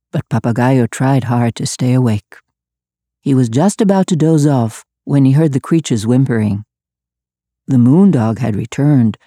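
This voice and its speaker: A woman reading a children's storybook aloud, expressive and measured. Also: extremely low pitch, dry recording, studio quality.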